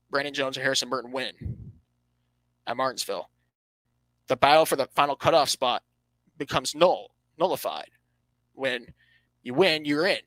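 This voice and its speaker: A man hosting a motorsport podcast, breaking down standings and races in an animated, emphatic way, often correcting himself mid-sentence. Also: mid-range voice, no room sound, rough recording. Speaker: podcast host.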